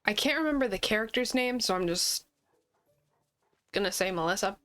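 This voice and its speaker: A woman hosting a gaming video, chatting casually while she plays, animated and often laughing. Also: medium pitch, moderate pace. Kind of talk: casual chat while playing a game. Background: faint game music.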